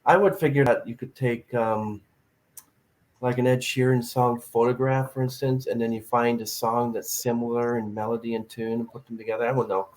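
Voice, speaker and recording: Chatty animated male podcast host. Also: medium pitch, normal speed, poor audio. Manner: animated storyteller, acts out quotes. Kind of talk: casual chat.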